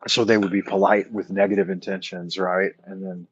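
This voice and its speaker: A man's voice: low voice, level tone, brisk, highs cut off, a little hiss or hum. A man hosting a casual late-night chat, rambling and thinking aloud with many fillers as he answers his viewers. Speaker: livestream host answering chat.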